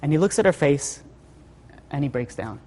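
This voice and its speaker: A man giving a holiday sermon as a rabbi. He tells a tender story in a hushed voice, then preaches with rising emphasis. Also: a little high, lively intonation, normal speed, long reverb tail.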